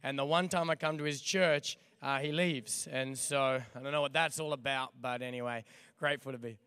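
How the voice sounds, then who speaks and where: A young Australian man preaching as a guest pastor to a church, energetic and joking with the crowd, his voice hoarse after nearly losing it. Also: mid-range voice, normal speed, no room sound. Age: young adult. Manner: energetic, jokey, calls out to the crowd. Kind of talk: church sermon.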